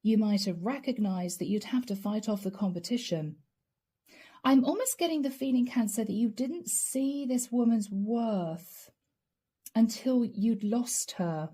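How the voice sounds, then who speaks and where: A woman's voice: on the high side, a little slow, mellow, breathy edge. A woman doing a casual tarot reading, chatty and talking straight to the viewer, laughing often. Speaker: tarot reader.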